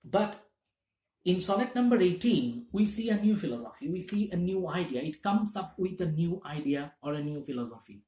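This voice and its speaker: A man's voice: sits high, animated, normal speed, dark tone. A man teaching literature in a classroom-lecture style, explaining step by step and checking in with his listeners. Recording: echoey room.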